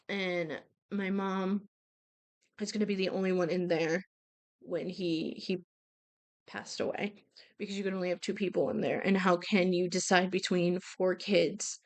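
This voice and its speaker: Slow-spoken young woman recounting grief. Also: mid-range voice. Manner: halting, emotional, many fillers and restarts. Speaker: podcast host. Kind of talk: personal storytelling about grief.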